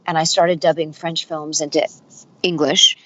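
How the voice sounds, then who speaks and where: A woman's voice: low-pitched, moderate pace, muffled recording. A middle-aged woman voice actor and dialect coach telling stories in a casual interview, acting out the voices she quotes. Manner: animated storyteller, acts out quoted voices.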